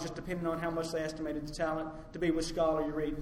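A male pastor delivers a sermon with a fairly high voice. He climbs to loud, emphatic peaks and then drops low and quiet on his key points. His voice rings through a roomy hall with a long reverb tail over a faint background hum. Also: monotone, fast talker, few pauses.

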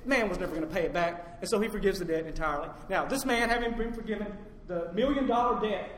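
Preaching at a quick pace, this pastor has a fairly high male voice that surges to loud, forceful peaks before dropping soft and low on the points that matter. The sound echoes through a spacious hall with a lingering reverb and a faint hum behind it.

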